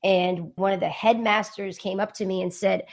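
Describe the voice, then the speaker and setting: Middle-aged woman guest, animated storyteller, acts out dialogue, mid-range voice. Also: medium pitch, normal speed. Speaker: guest, martial arts educator. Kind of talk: casual interview storytelling.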